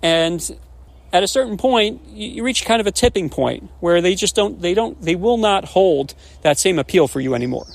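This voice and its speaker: A man in his forties, a rabbi, telling stories and jokes on a podcast in an animated way, often restarting words. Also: high voice, moderate pace, gravelly. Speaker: rabbi and educator. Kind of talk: podcast storytelling.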